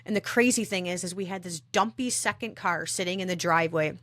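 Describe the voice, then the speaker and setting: A woman telling her own story on a podcast, earnest and reflective, often halting and restarting. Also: lowish voice, a bit bright, dry recording, studio quality.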